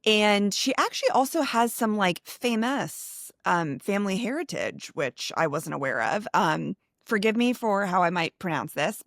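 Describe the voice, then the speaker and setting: A woman's voice: medium pitch, a bit bright, no room sound, studio quality. A woman co-hosting a podcast in a bubbly, chatty way, full of fillers. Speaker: podcast co-host. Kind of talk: casual chat.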